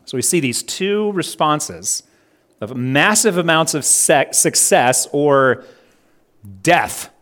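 A pastor preaching a sermon in an earnest way, slowing down and stressing each item when he reads out a list. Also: fairly high pitch, expressive, fairly bright tone. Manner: earnest, slows down and stresses items in lists.

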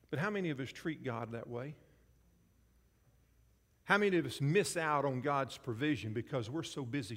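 A man preaching a sermon as pastor, telling personal stories and asking the congregation questions. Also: on the high side. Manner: storytelling with quoted voices and audience questions. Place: church sanctuary. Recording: church hall reverb.

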